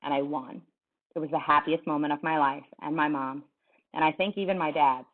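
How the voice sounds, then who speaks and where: A woman's voice: sits low, fairly even intonation, fairly quick, lightly acted. A woman reading aloud as a firm middle-aged male coach, blunt and somber. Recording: tinny phone-like sound.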